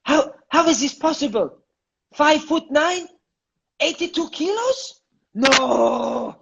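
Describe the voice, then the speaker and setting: A man's voice: very high-pitched, expressive, slow, gravelly, muffled recording, noisy background, voice pushed up, heavily acted. A man putting on an angry football boss. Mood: outraged. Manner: outraged, scolding, repeats in broken English. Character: stern, furious Italian male football manager.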